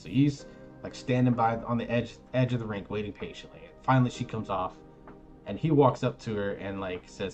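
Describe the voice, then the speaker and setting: Streamer dad, 30s, low voice, chatty and rambling, faint music bed. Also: male voice, a little fast, highs cut off. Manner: rambling, animated anecdote with many fillers. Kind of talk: casual storytelling.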